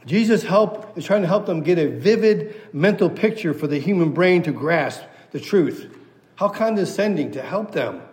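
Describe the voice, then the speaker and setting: A man's voice: a little high, expressive, moderate pace, darkish tone. A man preaching an expository sermon, reading scripture aloud and hammering points home through repetition. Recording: long hall reverb.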